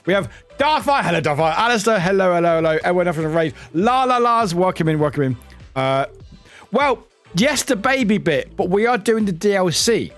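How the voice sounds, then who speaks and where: A man's voice: high-pitched, expressive, brisk, fairly bright tone, faint music behind. A man chatting on a live gaming stream, rambling, swearing and yelping when startled. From United Kingdom.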